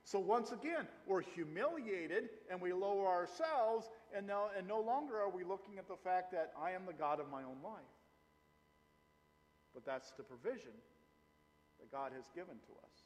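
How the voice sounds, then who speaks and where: A middle-aged male pastor preaching with a lively, swinging delivery that rises and falls. His voice sits a little high for a man. It rings with a long reverb, as in a church hall. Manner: animated preaching, rising and falling, slow emphatic phrases. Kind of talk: sermon.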